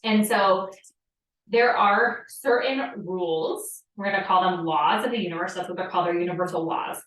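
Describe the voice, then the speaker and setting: Heard from a distance in an echoey room, this woman has a fairly low-pitched, fairly bright voice at a moderate pace. As a podcast host and manifestation coach running a live spiritual coaching talk, she's chatty, casual, and profane, leaning heavily on fillers like "like."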